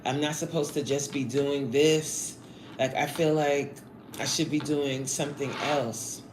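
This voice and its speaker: A woman's voice: sits low, steady tone, a little slow, darkish tone. A woman in her forties chatting playfully on a live stream, reading out chat names and eating while she talks. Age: 40s. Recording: roomy echo, faint noise.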